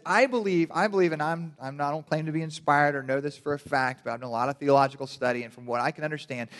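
A man preaching in a church hall, his slightly high voice carried by a long reverb. He tells the story with animated energy and swells into loud, passionate emphasis. Sermon delivery to a congregation. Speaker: pastor.

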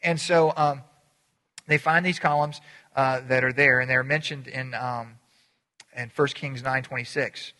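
A man preaching a sermon as pastor, animated and conversational, acting out little voices and often restarting his sentences. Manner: animated, acts out voices with sudden pitch jumps; halting restarts and repeated words. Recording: long hall reverb.

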